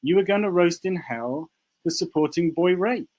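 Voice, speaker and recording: A man's voice: high-pitched, normal speed, darkish tone, dry recording. A man on a live-stream panel who argues in an accusing, insistent way and repeats his points. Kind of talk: heated live-stream debate.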